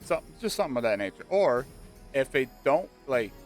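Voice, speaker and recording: A man chatting casually and excitedly about a video game, rambling with lots of fillers. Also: medium pitch, normal speed. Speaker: gaming channel host. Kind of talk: casual speculative chat. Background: faint background music.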